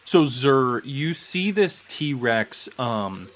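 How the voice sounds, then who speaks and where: A man narrating a tabletop game as game master, casual and halting, with frequent fillers. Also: mid-range voice, big pitch swings, a bit bright, a little hiss or hum.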